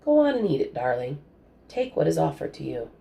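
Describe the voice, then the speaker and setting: A woman voicing a folksy, teasing old grandfather who is gentle underneath, with a drawling country way of talking. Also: a little high, wildly swooping pitch, a little fast, voice pushed up.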